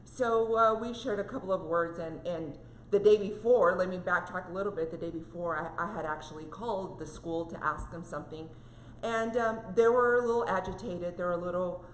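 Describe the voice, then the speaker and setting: A woman's voice: fairly low pitch, a little fast, roomy sound, slight background noise, poor audio. A woman co-hosting a casual devotional chat, telling a heartfelt story with many fillers. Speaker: co-host.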